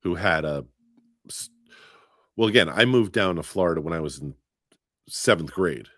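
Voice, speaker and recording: Deep-voiced man with a softened New York accent. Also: lively intonation, normal speed, no room sound, studio quality. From Long Island, New York. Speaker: podcast co-host. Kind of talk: casual chat.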